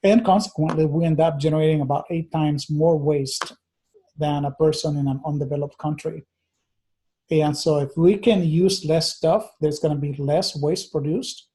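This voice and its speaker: A man's voice: fairly high pitch, fairly even intonation, moderate pace, warm tone. A man teaching a recorded lecture, earnest and thinking aloud, with many fillers and restarts. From United States.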